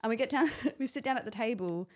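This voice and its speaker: A young woman co-hosting a podcast, telling animated stories with lots of swearing and acted-out quotes. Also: fairly high pitch, quick pace. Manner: animated storytelling, acts out quotes, swears freely. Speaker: podcast co-host. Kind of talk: casual chat.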